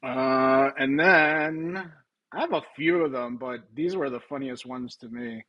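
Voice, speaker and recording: A man's voice: mid-range voice, a little slow, highs cut off. A man hosting a live stream, casual and thinking aloud, who swears and laughs easily.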